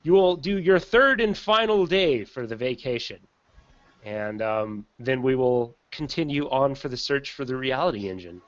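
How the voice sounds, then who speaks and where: A man narrating a tabletop game as game master, in a relaxed, chatty way with frequent ums. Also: mid-range voice, normal speed, no room sound. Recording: slightly dull lo-fi recording.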